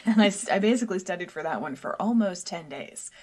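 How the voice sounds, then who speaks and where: A woman's voice: on the low side, animated, fast, a crowd in the background. A young woman co-hosting a podcast in casual chat, rambling and self-deprecating, laughing often. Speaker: podcast co-host.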